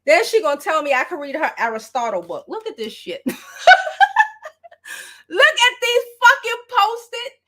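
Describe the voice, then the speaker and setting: A woman with a high voice talks through a casual gossip livestream, loose and profane. Her tone is bright and tense. She laughs easily and stays expressive throughout. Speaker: celebrity gossip vlogger.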